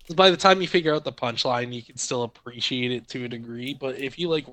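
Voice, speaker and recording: A man co-hosting a casual podcast, talking in a relaxed, rambling way. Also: mid-range voice, quick pace, dry recording, rough recording. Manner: relaxed, rambling, many fillers. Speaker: podcast co-host. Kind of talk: casual chat.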